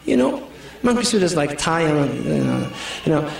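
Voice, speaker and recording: High-voiced man joking in an echoey hall. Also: sing-song, moderate pace, creaky. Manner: jokey, storytelling, full of "you know". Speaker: Islamic speaker. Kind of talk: humorous sermon to a community audience. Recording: echoey hall, mic far off.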